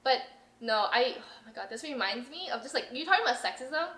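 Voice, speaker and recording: A woman's voice: high-pitched, animated, fast, fairly bright tone. A young woman hosting a podcast in casual chat, telling stories with a lot of energy, swearing freely and acting out what other people said. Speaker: podcast host. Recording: roomy echo.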